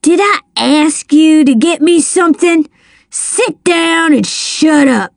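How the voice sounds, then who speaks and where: A woman voicing a drunk, violent middle-aged man who snarls threats, read slowly in a dry, close storybook reading. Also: fairly high pitch, gravelly, darkish tone, no room sound, full character voice. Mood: menacing.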